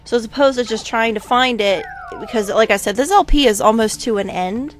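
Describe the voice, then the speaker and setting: A woman's voice: a little high, brisk, faint music behind. Chatty woman narrating a game playthrough. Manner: chatty, rambling, with many asides. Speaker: let's play host. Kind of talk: casual game commentary.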